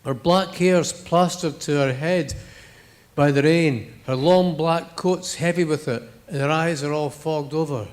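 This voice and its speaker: A man's voice: fairly high pitch, unhurried. A middle-aged man with a Scottish accent giving a live reading of his fiction in a blunt, profane, swaggering first-person voice.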